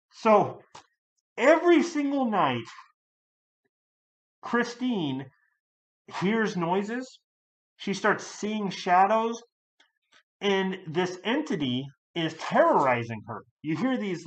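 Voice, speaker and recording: Guy rambling thru a movie review, lots of likes and ums, gets loud and animated sometimes. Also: fairly high pitch, rough recording. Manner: rambling, many fillers and restarts; animated, jumps to loud outbursts. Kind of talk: casual spoken movie review.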